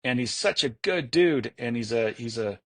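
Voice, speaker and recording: This man is a guest in a casual interview. He tells his stories with real enthusiasm, but he rambles and keeps restarting his sentences. His pitch sits in a typical middle range for a man. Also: expressive, moderate pace. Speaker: guest, entrepreneur.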